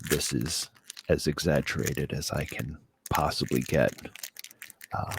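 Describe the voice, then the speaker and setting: A man putting on an exaggerated fake Australian accent, rambling deadpan through a mock-earnest talk. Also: rumbling low, unhurried, vocal fry, background noise, full character voice.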